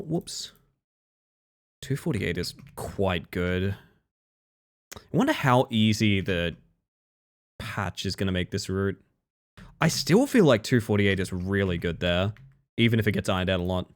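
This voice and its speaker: A man's voice: deep voice, lively intonation, normal speed, long pauses. A man streaming a speedrun late at night, chatting casually with his viewers, thinking aloud and correcting himself as he plays. He sounds a little tired. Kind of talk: casual gameplay commentary.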